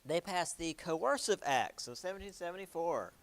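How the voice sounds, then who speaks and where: A man's voice: on the high side, expressive, normal speed. A young man giving a casual history lecture, chatty and jokey, with many ums and likes.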